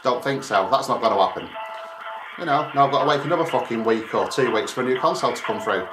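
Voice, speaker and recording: A man's voice: mid-range voice, lively intonation, fast. Annoyed guy ranting and cussing, mid voice, echoey room with noise in the background. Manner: angry, swearing, exasperated. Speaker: gaming website owner and YouTuber. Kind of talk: venting to camera during a support call.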